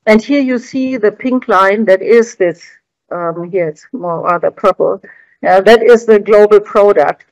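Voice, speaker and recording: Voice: medium pitch, measured pace, no echo, poor audio. A researcher giving a conference presentation, explaining graphs on slides in a hesitant, word-searching way.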